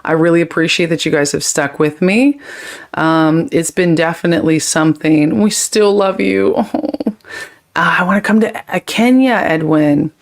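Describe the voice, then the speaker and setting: A woman hosting a casual livestream, reading viewer comments and giving bubbly shout-outs, sometimes jumping up into high squeals. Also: normal speed. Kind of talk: casual live chat. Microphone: phone.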